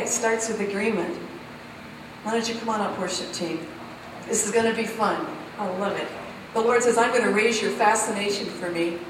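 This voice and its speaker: Woman preacher, high voice, animated sermon in a church hall, mic distant and roomy. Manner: animated, acts out God's voice and swings loud and soft. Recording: echoey hall from far off, noisy.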